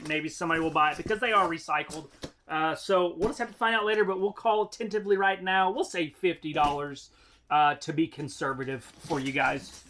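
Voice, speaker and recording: A man's voice: fairly high pitch, fairly even intonation, fairly quick, sharp tone, a little hiss or hum. A man vlogging as he unboxes items, chatting casually and thinking aloud about prices and profit. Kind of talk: casual chat.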